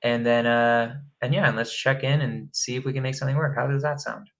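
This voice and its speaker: A man's voice: mid-range voice, steady tone, a little fast, creaky, fairly bright tone, low-quality recording. A man coaching real estate wholesaling in a rambling, chatty way, often laughing at himself. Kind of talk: casual live-stream teaching.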